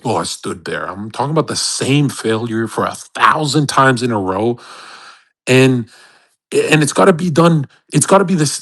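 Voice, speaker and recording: A husky-voiced man, mid-pitched, speaks over a home microphone on a live online audio stream. He gives a heated motivational rant with plenty of swearing, jumping from loud outbursts down to low muttering. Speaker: host. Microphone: home microphone on an online audio call.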